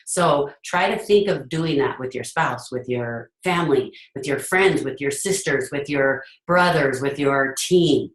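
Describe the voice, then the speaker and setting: A woman's voice: rumbling low, a little slow, few pauses. A middle-aged woman host talking casually and earnestly about leadership, sometimes acting out what parents say. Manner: earnest, acts out parents' voices. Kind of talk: casual talk to an audience. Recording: echoey room.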